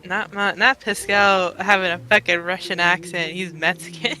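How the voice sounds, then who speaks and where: A man's voice: sits high, flat delivery, normal speed, pushed and bright. A man chatting casually with fellow players during a game break, joking, swearing freely and laughing often. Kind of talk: casual chat between game sessions.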